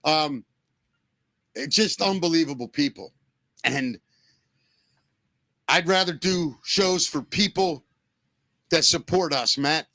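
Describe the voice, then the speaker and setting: A man's voice: on the high side, slow pace, pauses often, sharp tone, dry recording. A man co-hosting a podcast, talking in a casual, emotional way and swearing freely. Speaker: podcast co-host. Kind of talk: casual chat.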